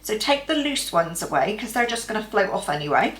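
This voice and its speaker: A woman's voice: mid-range voice, sing-song, brisk, fairly bright tone, echoey room, rough recording. A woman host giving chatty, practical step-by-step cooking instructions in her home kitchen. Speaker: cooking vlogger. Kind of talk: casual cooking demonstration.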